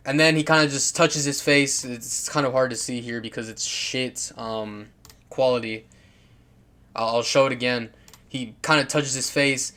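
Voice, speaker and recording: A man's voice: mid-range voice, steady tone, takes it slowly, pauses often, sharp tone. A man casually commenting on football clips, rambling and swearing, with lots of fillers, restarts and laughs.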